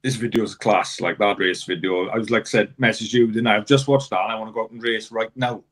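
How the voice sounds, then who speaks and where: A man's voice: on the low side, fairly even intonation, fast talker, fairly bright tone. Enthusiastic co-host, man. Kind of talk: casual chat.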